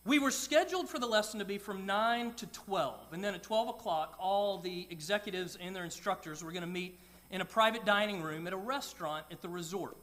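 A middle-aged male pastor delivers a sermon in a high, bright voice. He tells stories and often drops into soft, quiet asides. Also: lively intonation. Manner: storytelling, with quick dips into soft quiet asides.

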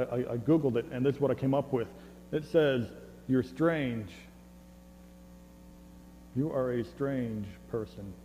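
A man's voice: medium pitch, dark tone, lo-fi sound. A man preaching a sermon, conversational and joking, often stumbling over repeated words. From United States. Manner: conversational and joking, with stammered restarts. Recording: long hall reverb with faint mains hum.

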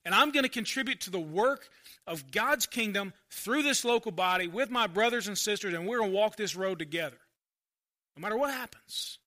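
A man preaching a sermon in a chatty, conversational way, leaning hard on some phrases and dropping low for asides. His voice sits high for a man. It has a very bright, cutting edge. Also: lively intonation, fairly quick. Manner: conversational preaching, swinging between loud emphasis and quiet asides. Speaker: pastor.

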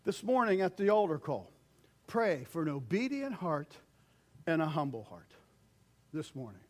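An older man preaching a conversational sermon as pastor, acting out quoted voices and swinging between loud calls and hushed lines. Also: a little high, big pitch swings, normal speed.

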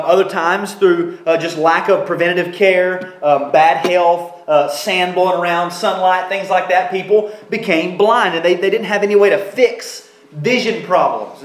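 A man's voice: a little high, reverberant, rough recording. A man preaching a sermon as pastor, explaining a passage in an emphatic way and often restarting his phrases.

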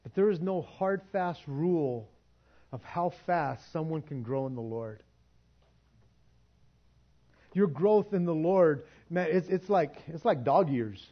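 A man's voice: fairly high pitch, expressive, unhurried, highs cut off. A man preaching a sermon in a church, casual and conversational, often restarting words and laughing. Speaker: pastor.

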